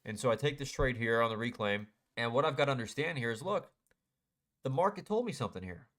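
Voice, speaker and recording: A man's voice: mid-range voice, expressive, quick pace, fairly bright tone. Self-critical man recapping his trades. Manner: self-critical, frustrated, talks through chart mistakes. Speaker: day trader. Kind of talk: casual screen-share trade recap.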